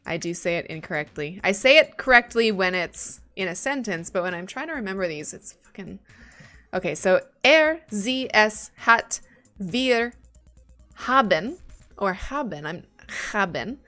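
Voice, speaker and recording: A woman's voice: medium pitch, animated, measured pace, pushed and bright, faint music behind. A woman streaming live as she studies German, chatting casually and thinking aloud, swearing now and then when she gets stuck.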